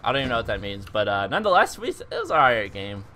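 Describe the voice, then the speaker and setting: A young man giving joking, excitable commentary over his own gameplay as a video host. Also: lowish voice, racing, a little hiss or hum. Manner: animated, joking, exclaims at the game.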